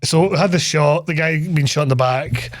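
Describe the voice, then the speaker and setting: A young Scottish man co-hosting a podcast, retelling a film with lots of swearing and quick put-on voices. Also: fairly high pitch, no echo. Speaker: podcast co-host. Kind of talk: casual film review chat.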